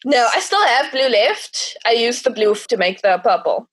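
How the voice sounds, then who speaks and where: A young woman talking casually as a podcast guest, chatty and quick to laugh, acting out her own thoughts. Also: fairly high pitch, big pitch swings, fairly bright tone. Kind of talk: casual chat.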